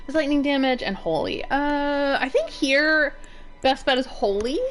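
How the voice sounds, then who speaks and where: A woman in her thirties talks through a game stream in a chatty, giggly way, swearing playfully as she goes. Her voice sits fairly high and swoops around with a lot of expression. Faint game music plays underneath. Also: lively intonation, unhurried, fairly bright tone. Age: 30s. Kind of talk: casual gameplay commentary.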